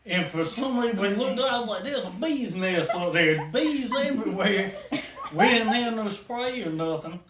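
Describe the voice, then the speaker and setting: A man's voice: high-pitched, expressive, moderate pace, noisy background. A man, telling a rambling family story and laughing all the way through. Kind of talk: casual storytelling among family. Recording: roomy, from far off, loud crowd around.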